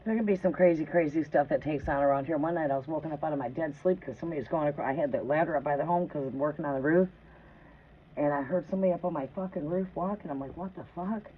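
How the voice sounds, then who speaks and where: She talks very fast in a low voice while hosting a tarot stream from her trailer home, spinning rambling, foul-mouthed stories and frequently checking "right?". The audio is tinny and phone-like, with faint noise.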